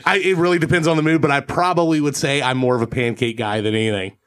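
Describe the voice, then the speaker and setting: A man's voice: medium pitch, steady tone, quick pace, fairly bright tone, clean tone. A man co-hosting a podcast, chatting casually with friends, swearing freely and laughing often. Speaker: podcast co-host.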